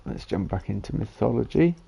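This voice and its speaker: A man's voice: lowish voice, big pitch swings, fairly quick, gravelly, dark tone, breathy edge, dull audio. A tired man giving casual commentary on a game he is streaming from home, muttering to himself as he builds. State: tired, yawning.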